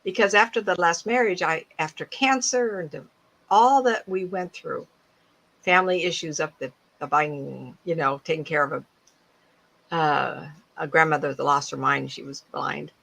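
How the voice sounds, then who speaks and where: A woman in her seventies, a psychic medium giving a casual talk to an audience, animated and laughing often as she acts out other people's voices. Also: sits low, moderate pace, gravelly, rough recording. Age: 70s.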